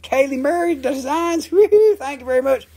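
A man's voice: very high-pitched, steady tone, normal speed, gravelly, voice pushed up. A man putting on a hyped-up, slangy dude voice that calls everyone "man". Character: high-pitched slangy excited male dude.

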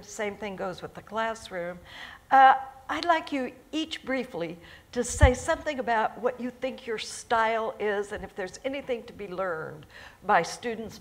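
A woman moderating a panel discussion, putting questions to the judges in a measured way. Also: mid-range voice.

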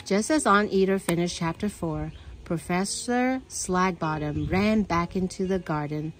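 A woman reading a children's picture book aloud, with a steady storytelling manner. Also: lowish voice, a little slow, a little hiss or hum, low-quality recording.

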